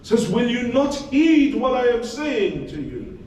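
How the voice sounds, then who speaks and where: An anguished dead man cries out and pleads from the grave in a strained, high voice, as a preacher acts him out in a sermon. The words come slowly and heavily, and they ring through a very echoey prayer hall, heard from a distance. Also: very animated, darkish tone, heavily acted. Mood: lamenting. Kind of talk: sermon storytelling. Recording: echoey hall, distant mic, faint noise.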